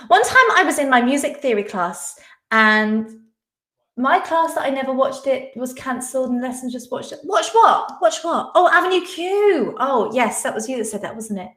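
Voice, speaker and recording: A woman's voice: high-pitched, a bit bright, roomy sound. A young woman hosting a live online quiz, chatting casually, giggling often and reading viewers' comments aloud. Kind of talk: casual live-stream chat.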